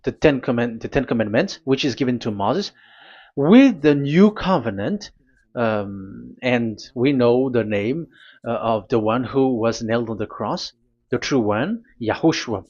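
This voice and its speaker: A man preaching a sermon, speaking in halting, deliberate phrases that break into sudden emphatic bursts. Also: medium pitch, animated, a little mellow, dull audio.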